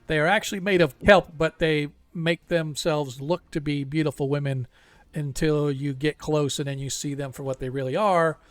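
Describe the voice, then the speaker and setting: A man's voice: fairly high pitch, fairly even intonation, normal speed. A man running an online tabletop game as game master, casual and hesitant, often laughing.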